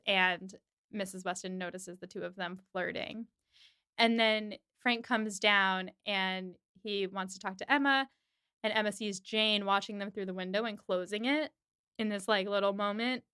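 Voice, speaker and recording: Bright, clear-voiced woman recapping. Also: mid-range voice, no room sound, studio quality. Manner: animated storytelling with quick voiced asides. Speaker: podcast host. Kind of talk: casual episode recap.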